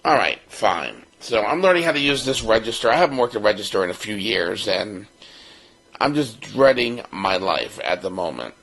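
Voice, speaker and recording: Co-hosting a podcast, a man from Baltimore in his fifties recounts something that happened to him, animatedly voicing what others said. He speaks at a normal speed with a fairly low pitch and vocal fry. The audio is low quality.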